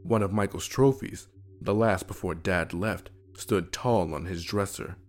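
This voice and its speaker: Male horror narrator, somber, measured, low voice, unhurried.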